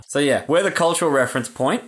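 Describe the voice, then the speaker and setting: An Australian man co-hosting a casual podcast. He talks in a jokey, animated way, his voice a touch higher than most men's. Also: fast. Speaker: podcast co-host. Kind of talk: casual chat.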